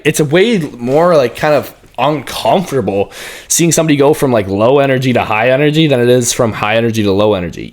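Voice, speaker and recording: A young man who is an online fitness coach, teaching sales in casual talk to a camera. He talks with lively energy, swears freely and acts out call openings in a brighter voice. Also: medium pitch. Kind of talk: casual talking-head coaching. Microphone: camera facing the speaker, leaning in.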